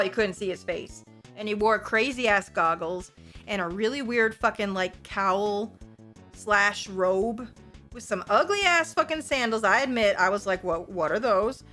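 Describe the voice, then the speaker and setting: A woman livestreamer chatting casually to her viewers, animated, profane and playfully gushing. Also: fairly high pitch.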